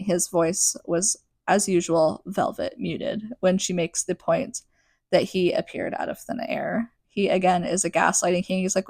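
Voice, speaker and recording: A woman's voice: fairly low pitch, fairly even intonation, normal speed, darkish tone, no room sound. A young adult woman hosting a podcast, recapping a book in a chatty, sarcastic way full of "like". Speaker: podcast host.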